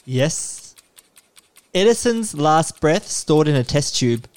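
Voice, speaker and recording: A man's voice: fairly high pitch, expressive, slow, smooth. A man hosting a podcast, quizzing his co-host in a playful, casual way and calling him mate. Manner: playful, swearing, uses "mate". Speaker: podcast host running a quiz. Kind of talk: casual chat.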